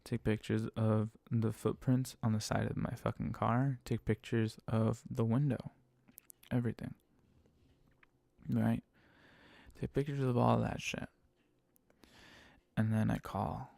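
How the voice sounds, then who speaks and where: A man's voice: on the low side, flat delivery, measured pace, creaky, pauses often, warm tone, dry recording. A man recounting his rideshare driving experiences as a casual storytelling monologue, swearing heavily and sounding emphatic and exasperated. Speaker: rideshare driver telling stories.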